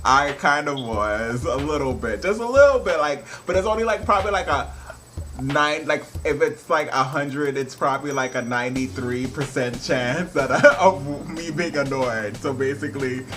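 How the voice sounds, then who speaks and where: Bright, laughing, foul-mouthed man ranting. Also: medium pitch, lively intonation, normal speed. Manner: laughs often, swears freely, rambling with many fillers. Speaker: film reviewer. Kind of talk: casual vlog review.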